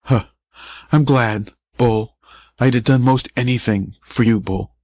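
A man's voice: medium pitch, a little mellow, dry recording, close to an everyday voice. A man reading as a dying little boy. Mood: weak. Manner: whispered, slow and faint. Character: dying little boy, weak, whispering, proud.

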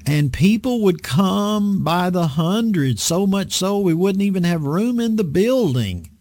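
An earnest male preacher speaks in a slightly raised voice that rises and falls with lively swings. He takes his time and often halts on fillers and restarts. The sound is dry and close. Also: high-pitched, a little slow, no echo. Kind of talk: unhurried sermon-style talk on a program.

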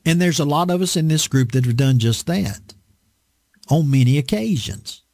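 A man's voice: on the high side, lively intonation, moderate pace, darkish tone. A man preaching a casual, conversational sermon, folksy and emphatic, often repeating his points.

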